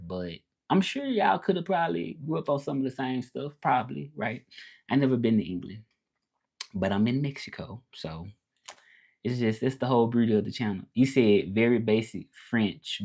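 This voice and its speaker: A man's voice: fairly low pitch, darkish tone. A man from Memphis with a Southern US drawl, chatting casually on a livestream as a language teacher, laid-back and repeating himself as he answers viewers. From Memphis, Tennessee, United States.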